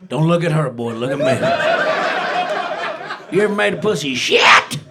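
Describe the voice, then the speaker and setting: A man's voice: fairly high pitch, expressive, normal speed, very noisy. A brash man doing a rowdy stand-up comedy set on a club stage. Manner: brash, rowdy, shouting punchlines. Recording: live club set with audience. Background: audience laughter and reactions.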